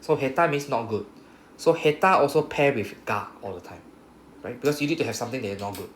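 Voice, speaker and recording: A man's voice: mid-range voice, fast talker. Guy teaching a language class, patient, keeps asking right?, echoey room with faint hum. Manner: patient, repetitive, checks understanding with "right?". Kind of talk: classroom grammar explanation.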